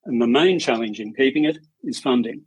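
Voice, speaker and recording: Male strata chair, husky and dry-humoured, steady anecdotal delivery. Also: medium pitch, a little fast, no echo, low-quality recording. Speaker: strata committee chair, podcast guest. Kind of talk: conversational interview storytelling.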